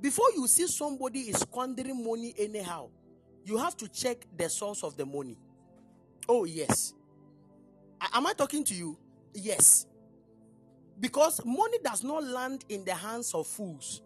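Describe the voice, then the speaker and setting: Animated woman preaching. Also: fairly high pitch, moderate pace, long pauses, husky, soft background music. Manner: emphatic, repeats questions to the congregation. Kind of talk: sermon. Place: church.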